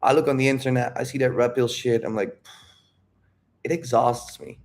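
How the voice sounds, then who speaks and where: A man's voice: mid-range voice, fairly even intonation, normal speed, a little mellow. Candid rambling man talking dating. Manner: candid, rambling, says "dude" and "bro". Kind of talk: casual talk.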